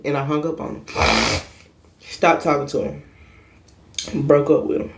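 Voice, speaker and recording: A woman's voice: low voice, level tone, takes it slowly, a little mellow. A young woman vlogger telling a personal story in a casual monologue, blunt, emphatic and full of cursing.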